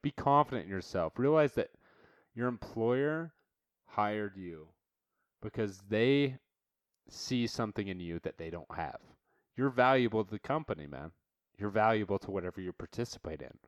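A man's voice: on the low side, no echo, studio quality. A man hosting a podcast, delivering a profane, fired-up motivational rant, blunt and swearing constantly as he calls listeners dude. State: worked up and irritated. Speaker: podcast host.

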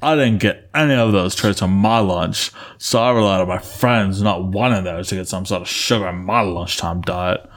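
A man's voice: low voice, moderate pace, hardly any pauses, natural voice. A man reading as a laid-back letter writer.

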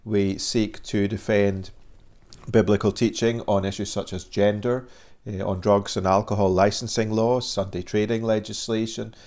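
A man in his forties from Scotland, with a Scottish accent tinged with Northern Irish, explaining the work of a Christian charity as a guest in steady, formal answers. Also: lowish voice, moderate pace. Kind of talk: measured interview answers.

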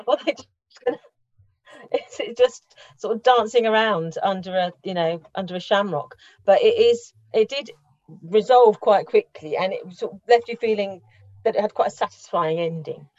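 A woman's voice: mid-range voice, moderate pace, a little mellow, no echo. Chatty woman film reviewer, dull dry sound. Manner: chatty, laughs often, restarts. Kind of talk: casual radio review chat.

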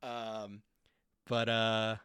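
A man's voice: on the low side, completely flat delivery, very slow, a bit bright, clear, resonant tone, no room sound. A man hosting a casual podcast chat with his cast, easygoing, laughing often, with lots of fillers. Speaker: host and game master.

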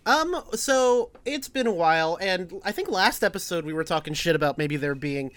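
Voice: medium pitch, lively intonation, normal speed, a bit bright. A podcast host talking in a laid-back, teasing way during casual comedic chat.

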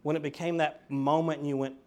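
A middle-aged preacher with a drawl and a high-set voice delivers a sermon. He drops to quiet, close talk, then climbs into loud, fervent emphasis, and his delivery stays animated throughout. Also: fast.

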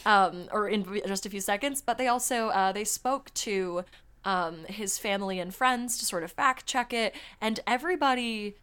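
A woman hosting a casual podcast, chatting quickly with plenty of "like" fillers and reading articles aloud. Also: medium pitch, a bit bright, clean tone. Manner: chatty, fast, full of "like" fillers and laughs. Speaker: podcast host.

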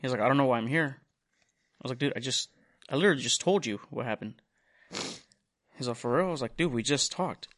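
A young man tells a long story on a casual podcast. He swears freely, drifts off on side tracks, and acts out each person's lines in quotes. His voice sits at an average pitch for a man. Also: animated, brisk, long pauses, fairly bright tone. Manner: rambling, profane, retells dialogue in quotes. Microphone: studio mic.

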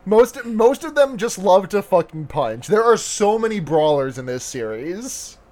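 Male co-host, slightly higher-pitched, easygoing and loose, many fillers, drops swear words. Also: a little slow. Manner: relaxed, laughing often, swearing casually, hesitant fillers. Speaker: podcast co-host. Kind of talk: casual chat.

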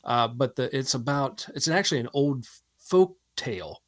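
A man's voice: medium pitch, animated, moderate pace. A man co-hosting a podcast in casual chat, laid-back and telling stories with some fillers. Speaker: podcast co-host.

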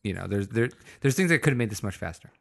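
A man's voice: lowish voice, animated, fast talker, vocal fry, a bit bright. A man co-hosting a casual chat, telling a story animatedly and acting out his own quotes. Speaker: podcast co-host.

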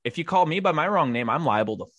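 A man's voice: fairly high pitch, fast, no room sound. A young man telling stories in casual chat, swearing freely and laughing often. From Boise, Idaho area. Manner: swears a lot, laughs often, animated storytelling.

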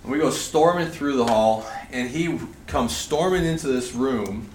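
A man in his thirties speaking to a group, telling an animated story and laughing through it. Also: medium pitch, unhurried, distant mic. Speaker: conference speaker. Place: large indoor hall at a retreat facility. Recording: echoey hall, faint room noise.

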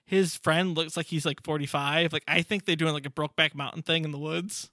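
A man's voice: a little high, dry recording, studio quality. A young man co-hosting a podcast in casual chat, animatedly retelling a comic's story and briefly acting out characters. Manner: animated, acts out characters in quick bursts. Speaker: podcast co-host.

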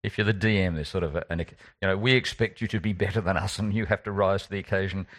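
A deep-voiced man talks fast in a loose, rambling way, often trailing off mid-thought. He laughs easily and chats casually about running tabletop games. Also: fairly even intonation. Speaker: podcast co-host, tabletop game master. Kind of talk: casual chat.

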